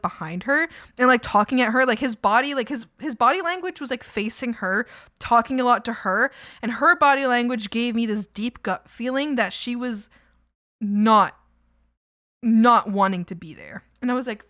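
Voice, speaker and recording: Bright high-voiced young woman streamer. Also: dry recording, clean studio sound. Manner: rambling, lots of "like" and restarts. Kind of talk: casual storytelling to chat.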